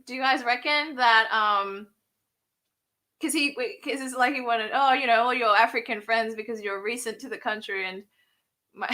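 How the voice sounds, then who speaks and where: Chatty bright-voiced woman. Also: fairly high pitch. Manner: chatty, rambling, many fillers. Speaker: host. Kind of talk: casual livestream chat.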